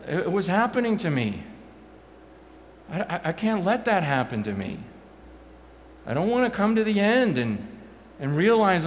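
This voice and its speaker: A man preaching a sermon on a stage, telling a story with passion and frequent stammering restarts, at times nearly shouting. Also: sits high, sing-song, moderate pace, long pauses, a little hiss or hum.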